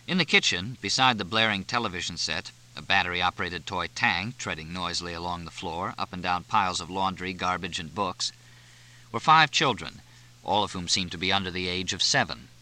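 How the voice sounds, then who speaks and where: Man with a low, bright narrating voice. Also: brisk. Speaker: audiobook narrator. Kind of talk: scripted narration.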